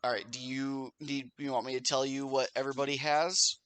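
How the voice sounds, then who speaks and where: A man's voice: medium pitch, flat delivery, a little fast, fairly bright tone, clear, resonant tone. A man narrating a tabletop role-playing game as game master, explaining the rules patiently between bits of story.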